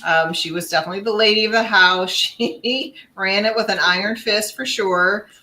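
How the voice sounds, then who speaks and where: Bright-voiced chatty woman. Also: mid-range voice, normal speed, rough recording. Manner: chatty, laughs between phrases. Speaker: guest paranormal investigator. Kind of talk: casual podcast chat.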